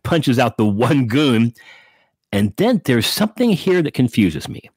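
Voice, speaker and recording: Low husky man, lively pitch, dry close sound, casual comic book chat. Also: no echo. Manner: animated, breaks into quick character voices. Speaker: podcast co-host.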